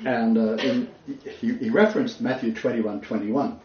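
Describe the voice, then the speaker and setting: A man preaching an informal sermon, rambling and halting with chuckling asides. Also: medium pitch, fairly even intonation, darkish tone. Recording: roomy, dull church recording.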